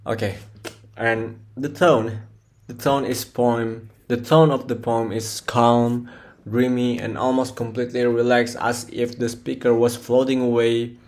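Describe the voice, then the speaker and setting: A man, a non-native English speaker, presenting a poem analysis for class, halting often with fillers and restarts. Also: medium pitch, little pitch movement, a little mellow. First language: Indonesian. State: short of breath.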